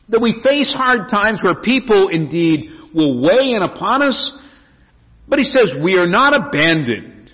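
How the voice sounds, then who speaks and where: A man's voice: sits high, unhurried. A man preaching a sermon as a pastor, swinging his emphasis up and down as he reads and explains scripture. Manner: preaching with lively rising and falling emphasis. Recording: dull lo-fi sound in a reverberant hall.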